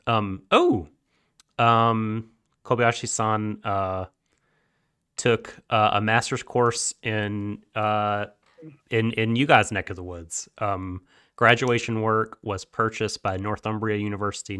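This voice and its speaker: A man co-hosting a casual anime podcast, talking in a halting way with many pauses and laughing easily. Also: lowish voice, fairly even intonation, pushed and bright, clear, resonant tone. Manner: halting, many ums and uhs, quick to laugh. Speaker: podcast co-host.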